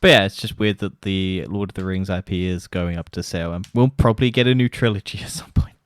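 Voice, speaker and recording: A man's voice: low voice, fairly even intonation, quick pace, clean tone, no room sound. A man co-hosting a podcast in casual chat, blunt and scoffing, swearing freely. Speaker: podcast co-host.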